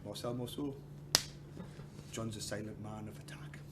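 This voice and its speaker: A man's voice: fairly low pitch, fairly even intonation, moderate pace. A man teaching a martial arts class, joking and swearing and acting out other people's lines. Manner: joking, swears, acts out quotes. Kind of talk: class instruction with humor. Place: training hall. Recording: echoey hall with noise.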